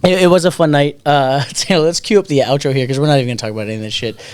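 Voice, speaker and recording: A man's voice: fairly high pitch, steady tone, very fast, a little mellow, clear, resonant tone. A young man co-hosting a podcast in loose, joking chat, swearing freely and poking fun at himself. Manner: joking, profane and self-mocking. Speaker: podcast co-host. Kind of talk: casual chat.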